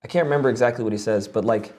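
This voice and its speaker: A young man talks loosely on a live stream, peppering his advice with "like" and the odd curse. He sits close to a streaming mic, and his voice sits at an ordinary middle pitch. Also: rapid-fire, a little mellow. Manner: loose and profane, lots of "like" fillers. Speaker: streamer giving voice acting advice. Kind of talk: casual live-stream talk.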